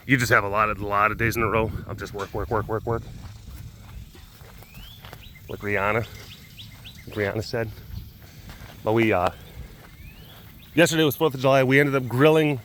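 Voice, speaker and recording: A man's voice: mid-range voice, slight background noise. A young man chatting casually and rambling about his day as a podcast host. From Dallas-Fort Worth area, Texas. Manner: rambling, talks to pets in a soft voice. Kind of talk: casual chat.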